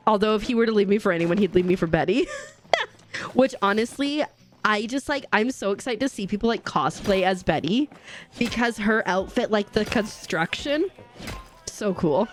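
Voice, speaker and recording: A woman's voice: mid-range voice, lively intonation, normal speed, long pauses, faint music behind. A woman streamer chatting casually and giggling with her chat while she plays a game. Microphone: desk microphone.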